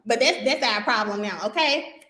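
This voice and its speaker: A woman with a high, bright voice teaches a Bible passage in a casual, conversational way. She is lively and talks straight to her listeners with colloquial asides. The sound has a noticeable room echo. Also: normal speed. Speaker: podcast host teaching from the Bible.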